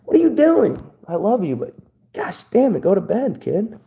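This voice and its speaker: A man's voice: high voice, big pitch swings, moderate pace, dark tone, pitched above the performer's own voice. A man putting on his scolding mother. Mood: exasperated scolding. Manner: scolding, exasperated. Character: loving middle-aged mother scolding her son.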